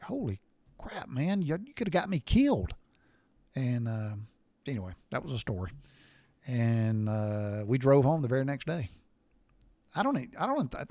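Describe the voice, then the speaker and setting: A man's voice: mid-range voice, dry recording. Folksy man telling stories. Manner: folksy, swears casually, animated when telling a story. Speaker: podcast host. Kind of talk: casual storytelling monologue.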